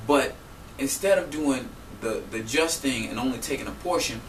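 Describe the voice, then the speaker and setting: Heated and full of profanity, this South Florida man tells his vlog audience how he got scammed, speaking AAVE and acting out both sides of the fight with animation. His mid-range voice moves at a normal speed. Faint room hum and a roomy echo come through, since the mic is rather far off.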